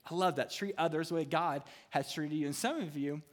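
A man serving as a student ministry pastor preaches a sermon in a church hall, his voice slightly high and fairly quick. He tosses in playful, humorous asides, and the recording has the reverberation of a large hall.

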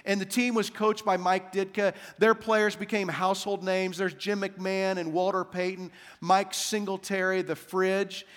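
A man preaching a sermon as senior pastor, repeating key phrases in a slow, emphatic cadence. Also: sits high, a bit bright, long reverb tail.

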